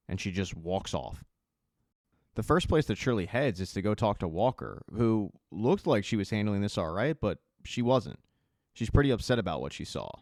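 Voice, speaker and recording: A man narrating a casual recap of a TV season, telling the plot in a conversational way with quick asides. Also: fairly low pitch, no room sound, clean studio sound. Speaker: recap host.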